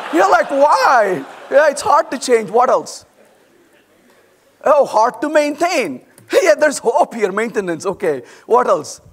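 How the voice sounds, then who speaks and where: A middle-aged man giving a conference talk, animated and playful, acting out quoted voices with quick asides to the audience. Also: very high-pitched, breathy edge. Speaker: conference speaker. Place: large conference hall.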